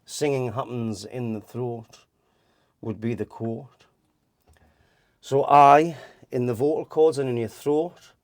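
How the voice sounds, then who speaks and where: A man's voice: medium pitch, a little slow, warm tone, no echo, studio quality. A man giving an informal voice lesson, rambling and restarting as he explains and demonstrates vowel sounds. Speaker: voice teacher.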